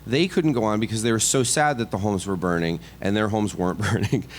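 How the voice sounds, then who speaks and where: Animated middle-aged comedian telling a story. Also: male voice, fairly low pitch, noisy background. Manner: animated, self-deprecating, quick asides and restarts. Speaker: comedian guest. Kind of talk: casual podcast storytelling.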